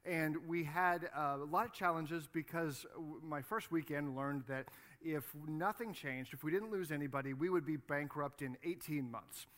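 A man's voice: fairly high pitch, moderate pace, a bit bright. A man in his forties, a pastor delivering a sermon, telling a story in a conversational way with frequent "you know" and "right". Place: church sanctuary.

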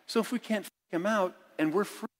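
A middle-aged man preaching a sermon as a pastor, moving between hushed reading and loud, emphatic lines. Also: high voice, a little fast. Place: church sanctuary. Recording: church sanctuary with long reverb.

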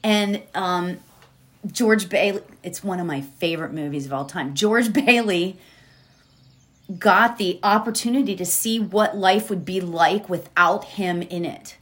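A woman giving a slow, gentle inspirational talk that moves into a guided meditation. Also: fairly low pitch. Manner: slow, gentle, drawn-out phrasing with soft laughs. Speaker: spiritual speaker leading a meditation.

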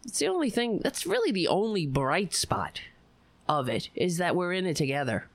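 Animated, profane woman streamer. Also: fairly low pitch, moderate pace, dry recording. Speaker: political commentary streamer. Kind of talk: casual live-stream commentary.

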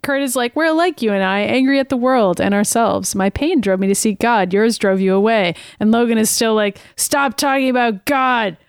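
A young woman chats through a cartoon recap, animated and quick to laugh. Her voice is smooth and sits fairly high, recorded close and dry. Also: dry recording. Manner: animated, laughs often, retells scenes in quoted dialogue. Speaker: podcast co-host. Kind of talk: casual chat recapping a cartoon episode.

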